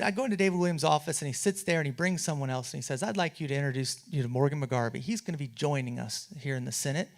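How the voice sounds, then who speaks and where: A man, a state legislator, telling wry anecdotes in a memorial speech at a symposium. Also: on the high side. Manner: storytelling with quoted voices and wry humor. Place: auditorium at a symposium.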